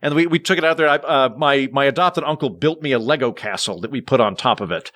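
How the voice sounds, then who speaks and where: A man from Oklahoma, a guest comedian telling animated, self-deprecating stories in a casual podcast chat. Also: medium pitch, quick pace. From Oklahoma, USA.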